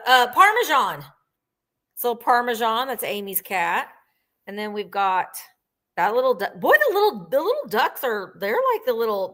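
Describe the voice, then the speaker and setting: A middle-aged woman hosting a live sale in a bright, forceful voice that sits a bit above the usual pitch. She chats loosely and gushes over every detail. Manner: chatty, gushing, describes items at length. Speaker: host of a live vintage sale. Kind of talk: casual live-sale chat.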